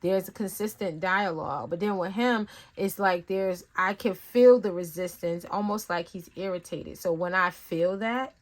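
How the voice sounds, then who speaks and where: A woman talking casually as a tarot reader, rambling and conversational with lots of fillers, telling stories in an animated way. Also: on the low side, moderate pace, hardly any pauses. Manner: animated storytelling with acted-out asides. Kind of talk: casual spiritual reading talk.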